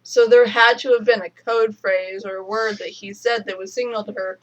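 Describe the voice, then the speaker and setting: A woman's voice: medium pitch, fairly even intonation, normal speed, lo-fi sound. A woman co-hosting a casual review chat, explaining at length with lots of fillers. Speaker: podcast co-host.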